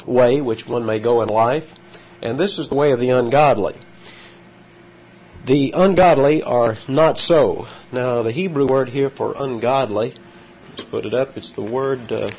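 A man teaching through a Bible passage in a measured, explanatory way, pausing often and filling gaps with "uh." His voice sits at an ordinary middle pitch. The recording is slightly dull and lo-fi, with a faint hum of ambience behind it. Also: darkish tone.

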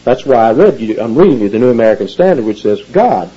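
A man preaching an expository sermon, explaining Bible words with animated emphasis and teacherly asides. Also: medium pitch, fast talker, husky, dull audio. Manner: animated teaching, rising emphasis on key phrases. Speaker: pastor.

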